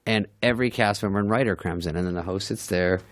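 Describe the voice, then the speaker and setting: A man's voice: lowish voice, fast talker. A middle-aged man telling comic stories on a podcast, swearing and mimicking people as he laughs along. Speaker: podcast guest, comedian. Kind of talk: casual storytelling chat.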